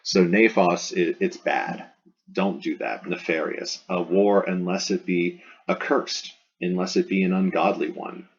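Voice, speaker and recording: Male Latin teacher, deep and gravelly, casual explaining lecture style with fillers, muffled lo-fi recording. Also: steady tone, measured pace, a little hiss or hum. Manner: explanatory and conversational, many fillers and restarts. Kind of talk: line-by-line classroom translation lecture. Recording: dull lo-fi audio.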